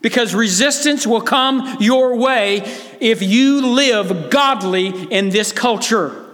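A man's voice: very high-pitched, slow pace, fairly bright tone, long reverb tail. A man preaching a sermon as pastor, earnest and emphatic, appealing directly to his listeners.

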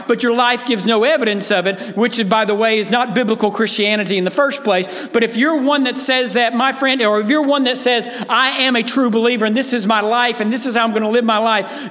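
High-voiced preaching man in a reverberant hall. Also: a bit bright. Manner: earnest, emphatic preaching with direct appeals to listeners. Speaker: pastor. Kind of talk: sermon.

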